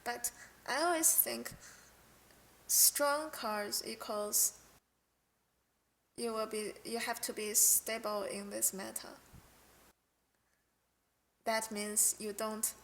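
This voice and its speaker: A young woman streamer who is not a native English speaker, chatting casually and haltingly while reading game card text aloud on a headset mic. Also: on the high side, fairly even intonation, vocal fry, a bit bright, a little hiss or hum. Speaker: game streamer reviewing cards. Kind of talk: casual live-stream chat.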